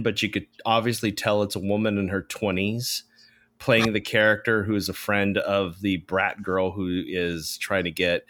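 Male podcast co-host, bright dry voice, animated storyteller. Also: fairly low pitch, dry recording. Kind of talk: casual movie chat.

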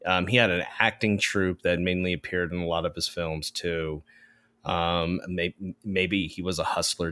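A man with a low but bright, forceful voice trades movie gossip, animated and quick to mimic others. The sound is dry and close, with no room in it. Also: no room sound. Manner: animated storyteller, mocks voices. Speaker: podcast co-host. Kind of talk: casual movie chat.

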